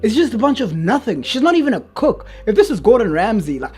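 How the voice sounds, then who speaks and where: A man giving casual, mocking reaction commentary as he recaps a show, chatty and quick to laugh. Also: high voice, very animated, a little mellow, soft background music.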